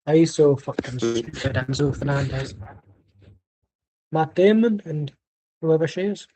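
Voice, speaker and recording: Sweary, ranting man with a mellow voice. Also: on the high side, unhurried, poor audio. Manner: angry, sweary, sarcastic. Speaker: football watchalong streamer. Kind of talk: live match commentary and rant.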